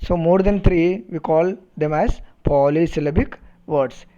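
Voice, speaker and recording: A male English teacher with an Indian English accent takes a phonetics lesson very slowly, saying words twice to model their pronunciation. His voice sits fairly high but sounds dark and mellow. The recording is dull and lo-fi. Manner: slow, deliberate, repeats words to model pronunciation.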